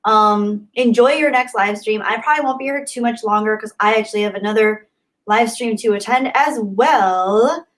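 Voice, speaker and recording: A woman's voice: a little high, normal speed. A woman hosting a casual livestream, reading viewer comments aloud and answering them in an earnest, thankful, rambling way with many fillers. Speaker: YouTube livestream host.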